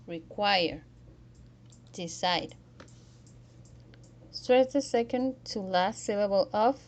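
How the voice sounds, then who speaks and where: A woman's voice: mid-range voice, dark tone. A woman teaching a pronunciation lesson, carefully modelling example words one by one.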